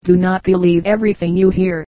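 Female audiobook narrator, fables. Low, dark tone, measured pace, dry close sound. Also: flat delivery, no echo, poor audio.

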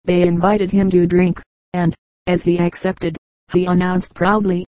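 A woman reading a collection of humorous anecdotes aloud as an audiobook narrator, in a measured, even storytelling manner. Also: on the low side, no room sound, rough recording. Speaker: audiobook reader.

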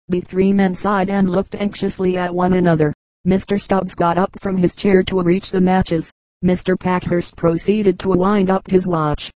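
A woman reading a book aloud in even, measured narration. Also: on the low side, no echo, rough recording. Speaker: audiobook reader. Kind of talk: scripted narration.

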